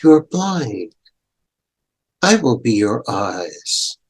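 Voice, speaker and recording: Older man as a devoted small swallow, earnest, simple replies, unhurried, mid pitch. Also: sing-song, breathy edge, full character voice. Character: loyal small female swallow, devoted and kind. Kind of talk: storytelling within a lecture.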